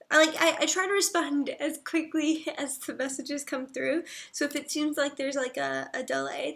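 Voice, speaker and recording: Female streamer, high voice with vocal fry, unhurried casual chat, reads comments aloud. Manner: reads viewer comments aloud and murmurs soft asides. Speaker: livestreamer.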